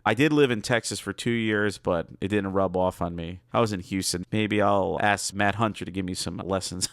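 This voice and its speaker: A man's voice: fairly low pitch, a bit bright, smooth, dry recording, studio quality. A man, a guest on a cartoon review talk, reading background notes aloud and breaking in with chatty asides.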